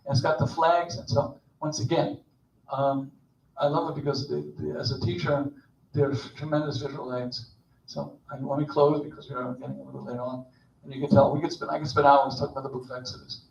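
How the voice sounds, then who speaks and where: A man's voice: fairly high pitch, a little fast, vocal fry. An older man, a rabbi, giving an informal, joking sermon, telling the story with animation and acting out the characters' lines. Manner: storytelling, jokey, animated, acts out voices. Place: synagogue sanctuary. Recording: roomy, distant, dull recording.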